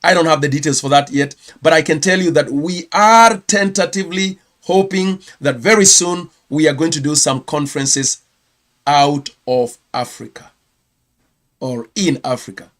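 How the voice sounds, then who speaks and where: A man from Kenya with a Kenyan accent, hosting a casual ministry news roundup, chatty and quick to correct himself. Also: a little high, a bit bright. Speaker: ministry host.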